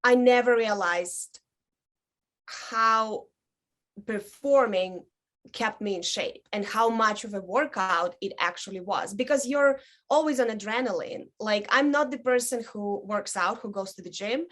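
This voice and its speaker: A burlesque dancer in her thirties chats as a guest in a casual interview, her medium-pitched voice unhurried. She tells stories peppered with ums and likes, acting out the people she quotes in lively voices.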